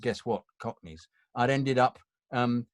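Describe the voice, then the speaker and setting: An actor in his sixties chats as a guest and tells stories from his career. He rambles, restarts and corrects himself as he goes. His voice sits at a middling pitch in a dry setting with little room sound. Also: unhurried, no room sound. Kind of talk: casual anecdotal chat.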